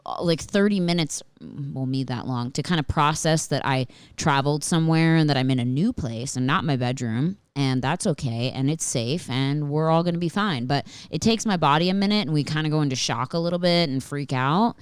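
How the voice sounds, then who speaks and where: A woman with a low, smooth voice hosts a podcast, telling a story in a loose, animated way full of swearing and fillers. She is close to the mic in a dry, dead room. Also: brisk, no echo. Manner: animated and profane, with frequent swearing and filler words. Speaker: podcast host. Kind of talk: casual storytelling monologue.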